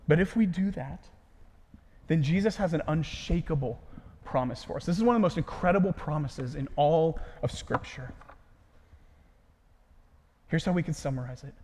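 Male pastor, high voice, earnest delivery that falls to a hush at phrase ends, long reverb around him. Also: moderate pace, long pauses, slightly rough. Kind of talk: sermon.

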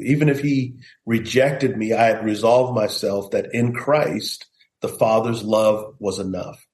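A man's voice: mid-range voice, a little slow, darkish tone. Earnest man telling his story, roomy sound. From United States. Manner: earnest storytelling, acts out quoted voices. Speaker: pastor, guest. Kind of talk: personal testimony in an interview.

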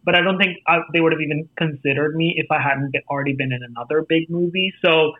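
A man with an American accent, an actor telling stories about his career in a casual interview, animated and acting out quoted voices. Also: on the high side, quick pace, no room sound. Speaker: actor and festival jury guest. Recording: tinny phone-like line.

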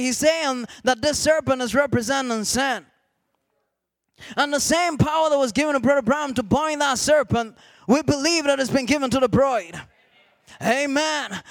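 A man preaching a sermon to a congregation, repeating "amen" often and rising to shouted emphasis. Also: extremely high pitch, creaky, no echo.

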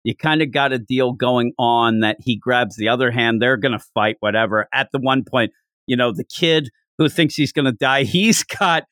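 A podcast co-host in a casual manga discussion, telling the story in an animated way and often acting out what the characters say. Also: medium pitch, moderate pace, dry recording, studio quality.

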